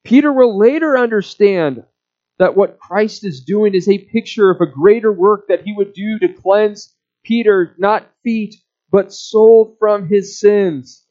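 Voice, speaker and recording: Slow, high-voiced male preacher. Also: warm tone, lo-fi sound. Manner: slow, measured expository preaching. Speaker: pastor. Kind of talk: sermon.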